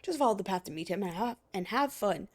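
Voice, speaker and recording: A touchy male supervisor, read out by a woman gives instructions over the phone in a game. He is quick to take offense and snaps back at questions, with lively pitch swings. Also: close to an everyday voice. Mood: prickly. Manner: prickly, defensive.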